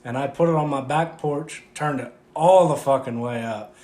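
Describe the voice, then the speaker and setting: A man's voice: mid-range voice, moderate pace, darkish tone. A man co-hosting a podcast, chatting casually and rambling with frequent swearing. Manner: profane, rambling. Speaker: podcast co-host. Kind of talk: casual chat. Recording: roomy echo, faint background hum.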